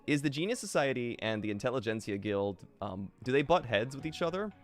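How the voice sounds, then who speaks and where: A man's voice: medium pitch, big pitch swings, a little fast, faint music behind. A man streaming a game live, thinking aloud and answering chat with many fillers.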